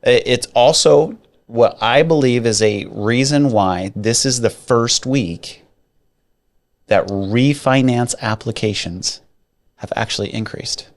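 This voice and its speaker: A man co-hosting a casual podcast about mortgages, talking in an animated way with jokey asides and emphatic repeats. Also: mid-range voice, slow pace. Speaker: podcast co-host, mortgage adviser. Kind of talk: casual chat.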